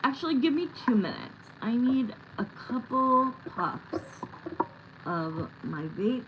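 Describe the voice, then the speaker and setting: Woman, middle-aged, live tarot host, casual blunt chat, slow pace, faint hum behind. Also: fairly high pitch, very animated. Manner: blunt, chatty, swears casually. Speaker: tarot reader hosting a live stream.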